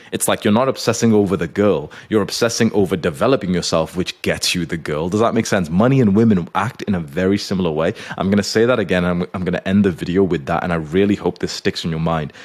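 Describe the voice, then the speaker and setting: A young man who coaches YouTubers, giving an intense motivational monologue to camera and swearing often. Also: low-pitched. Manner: intense, swears often, urgent pep talk.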